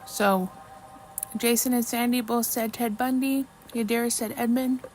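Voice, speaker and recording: A woman's voice: a little high, fairly even intonation, unhurried, a little mellow, faint music behind, rough recording. A woman hosting a casual livestream while crafting, chatting with viewers, reading trivia questions and often apologizing. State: mouth full of chocolate at times. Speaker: livestream host.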